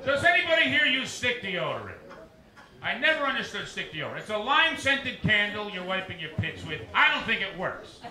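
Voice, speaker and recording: A high-voiced man runs a stand-up set with quick crowd work, his pitch leaping around as he riffs. The room is echoey, and a loud, rowdy bar crowd fills the background. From New Jersey. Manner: animated crowd work, rapid asides to hecklers. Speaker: stand-up comedian. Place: noisy dive bar stage.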